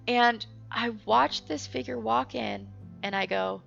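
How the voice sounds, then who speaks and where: Bright-voiced young woman telling a story. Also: on the high side, slow pace, gravelly. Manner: animated, laughing often, swearing freely. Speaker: host. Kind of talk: casual storytelling. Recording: dull lo-fi recording with faint music.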